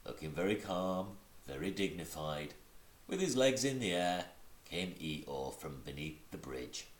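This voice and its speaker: A deep-voiced man reads a children's storybook aloud with lots of rise and fall in his voice, now and then stumbling and correcting himself. The sound is roomy and echoey. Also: a little slow. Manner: animated, with slips and corrections. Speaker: reader. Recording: roomy echo.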